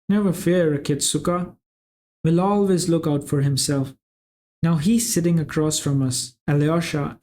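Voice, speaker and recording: A man's voice: fairly high pitch, warm tone, slight background noise, close to an everyday voice. A man reading a gushing, teasing young woman. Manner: prattling, gushing, playful.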